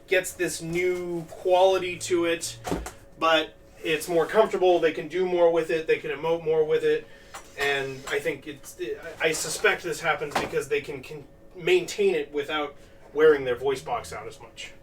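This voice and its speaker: A man chats casually on a crafting stream, thinking out loud and wandering between half-finished thoughts. His voice sits a little high. He is picked up from some distance, with a faint hiss underneath. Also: steady tone, normal speed. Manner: rambling, thinking aloud with many "like"s. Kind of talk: casual live-stream chat while crafting. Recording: distant mic with faint background noise.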